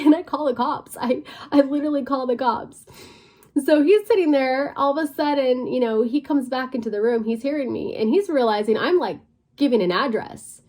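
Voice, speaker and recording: A woman's voice: high-pitched, normal speed, a little mellow. A young woman vlogging, telling a personal story in a casual, conversational way, full of fillers, sometimes dropping to a near whisper. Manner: conversational, many fillers, drops to a near whisper at tense moments.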